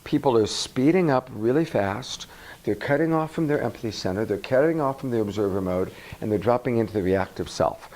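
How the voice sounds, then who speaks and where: A male coach speaking to a workshop audience in a lively, swooping voice. He checks in with the room often and acts out little examples as he explains. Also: lowish voice, low-quality recording. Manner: animated, asks the audience questions, acts out examples. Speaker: relationship coach. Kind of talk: workshop talk to a live audience.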